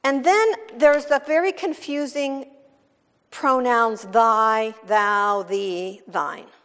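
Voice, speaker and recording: A woman's voice: fairly high pitch, takes it slowly, fairly bright tone, smooth, in a large hall. A woman from California preaching a sermon in a conversational, wry teaching manner. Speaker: pastor.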